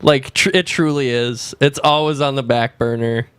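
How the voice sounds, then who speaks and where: A man's voice: medium pitch, steady tone, a bit bright, clean tone, dry recording. Joking male podcast co-host. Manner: joking, quick asides, occasional mocking voices. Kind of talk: casual chat.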